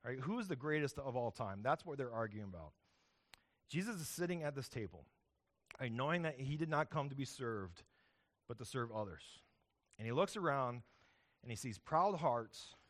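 A man preaching a sermon, conversational and animated, often checking in with 'right?'. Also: mid-range voice, moderate pace, pauses often. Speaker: pastor.

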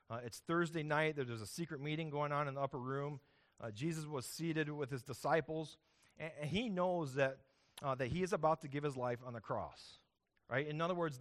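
A man preaching a sermon, conversational and animated, often checking in with 'right?'. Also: a little high. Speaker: pastor.

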